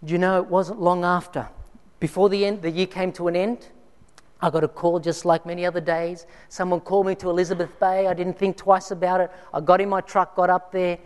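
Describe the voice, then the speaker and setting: A man's voice: sits high, flat delivery, a little fast, clear, resonant tone. A man preaching a sermon and telling personal stories, dramatic, sometimes dropping to near whispers for emphasis. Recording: reverberant hall.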